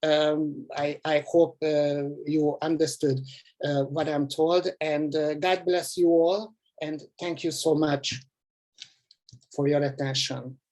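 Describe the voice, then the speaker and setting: A woman with a non-native English accent giving a slide presentation at a summit, halting often with fillers and restarts. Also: low voice, fairly even intonation, a little mellow. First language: not English. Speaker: summit speaker.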